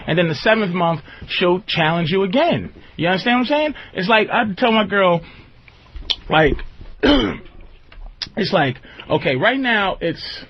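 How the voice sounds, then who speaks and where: A radio talk show host speaks casually, rambling emphatically and often asking "you understand" to check that the listener follows. His voice runs on the high side, the highs are cut off, and there's slight background noise.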